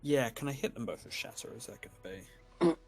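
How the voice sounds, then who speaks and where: A man talks casually as a player in a tabletop game, with a mid-pitched voice. He pauses and hedges with ums as he works out his spells. Light music sits underneath. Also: expressive, creaky, darkish tone.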